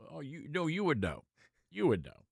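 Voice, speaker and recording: A man's voice: fairly high pitch, wildly swooping pitch, moderate pace, gravelly, slightly rough, no room sound, clean studio sound. A man hosting a talk show, chatting casually and joking with laughing asides. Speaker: host.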